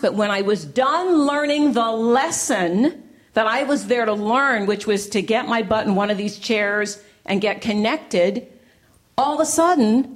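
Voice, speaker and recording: Animated woman telling stories to an audience. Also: lowish voice. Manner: animated, playful, punchy repetition. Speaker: inspirational speaker. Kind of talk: storytelling talk to a live audience. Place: church gathering.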